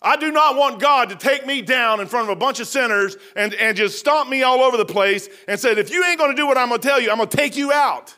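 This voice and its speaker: A man's voice: extremely high pitch, fast, hardly any pauses, bright, forceful tone. A man, preaching a folksy sermon with casual asides and self-mocking humor. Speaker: pastor.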